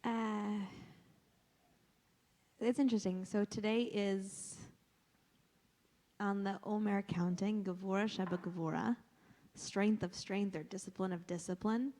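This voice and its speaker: A woman's voice: medium pitch, fairly even intonation, a little slow, pauses often, mellow. A woman in a class discussion, speaking reflectively and with some hesitation. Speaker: class participant. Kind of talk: group discussion. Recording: long hall reverb.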